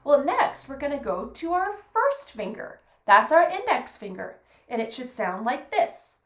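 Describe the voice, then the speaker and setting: A woman's voice: sits high, big pitch swings, moderate pace, few pauses, roomy sound, over loud music. A woman teaching a fiddle lesson, patiently counting beats aloud and praising often. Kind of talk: encouraging music lesson.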